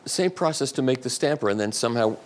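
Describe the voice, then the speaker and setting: A man's voice: medium pitch, lively intonation, fast, crowd noise. Chatty man talking to a live audience. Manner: rambling, chatty, with restarts and asides. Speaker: guest speaker at a live audiophile talk. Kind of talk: casual talk answering audience questions. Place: hall at a live event.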